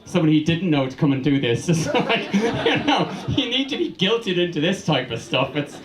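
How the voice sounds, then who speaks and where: A man's voice: a little high, sing-song, a little fast, roomy sound. A man with an Irish accent doing a stand-up comedy set, rambling, swearing freely and teasing the crowd. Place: comedy bar venue, live audience.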